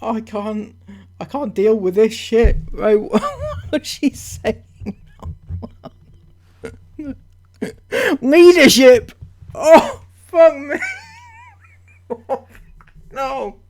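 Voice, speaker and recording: A woman's voice: a little high, big pitch swings, extremely slow, pauses often, dark tone. A woman reacting to a clip at home, exasperated, swearing and breaking into laughter as she comments. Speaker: online commentator.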